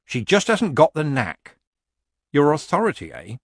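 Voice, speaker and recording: A man's voice: fairly high pitch, wildly swooping pitch, unhurried, vocal fry, dry recording, clean studio sound, voice pushed up, full character voice. A man doing Nanny Ogg, homely old witch. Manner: homely, blunt, weakly apologetic. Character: older woman witch, chatty, shrewd, loyal friend.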